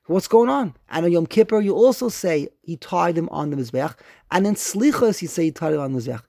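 A man teaching a religious class to a group, emphatic and animated, slowly chanting quoted verses and asking pointed questions. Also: on the high side, gravelly, no echo, studio quality. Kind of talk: religious study lecture.

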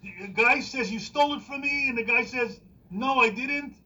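A man's voice: very high-pitched, normal speed, bright, forceful tone, husky, lo-fi sound. A man, pressing hard with questions and getting worked up. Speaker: study partner.

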